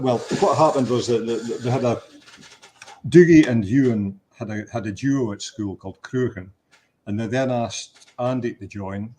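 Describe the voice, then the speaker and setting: A Scottish man with a lowish voice tells an anecdote in a radio chat. He talks easily, restarts his sentences often and chuckles along the way. A faint hiss of noise sits behind him. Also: darkish tone. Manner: chatty anecdotes with restarts, laughing at his own punchline. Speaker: guest musician.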